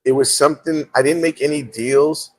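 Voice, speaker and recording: A man's voice: on the high side, fairly even intonation, moderate pace. A man hosting a live talk show, telling a personal story in a casual way, with frequent restarts. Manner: storytelling with many restarts and acted quotes. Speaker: host.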